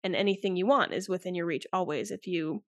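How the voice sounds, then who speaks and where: A woman's voice: lowish voice, fast, no echo, clean studio sound. A woman in her twenties, a podcast guest chatting candidly and rambling a bit, full of likes and restarts. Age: 20s. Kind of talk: casual interview chat.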